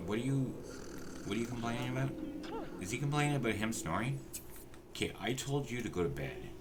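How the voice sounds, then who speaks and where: A man's voice: medium pitch, expressive, fairly quick, background noise. A man streaming a life-sim game, talking to the characters in casual commentary and getting exasperated and profane with them.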